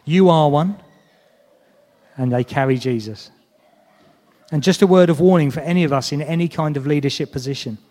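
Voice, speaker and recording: A man's voice: a little high, normal speed, long pauses, dark tone. A man preaching a sermon in an earnest, conversational way, often checking in with his listeners. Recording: long hall reverb.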